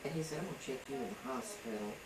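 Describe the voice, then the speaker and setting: A woman's voice: rumbling low, racing. A woman telling a long story at home in casual talk. She rambles and acts out what people said. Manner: rambling, acts out quoted dialogue. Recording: roomy home video from a distance, background noise.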